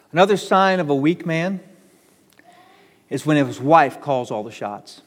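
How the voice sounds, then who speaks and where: A man preaching a sermon as pastor, emphatic and animated, often repeating words for stress. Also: on the high side, a little slow, pauses often. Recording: long church reverb.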